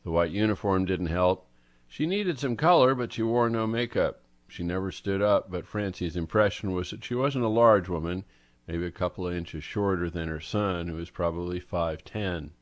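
A man narrating a story in a measured, even storytelling manner, as an audiobook reader. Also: low-pitched, no echo. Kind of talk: scripted narration.

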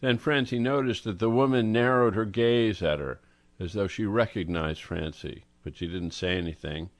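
A man narrating a story in a measured, even storytelling manner, as an audiobook reader. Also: on the low side, no room sound. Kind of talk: scripted narration.

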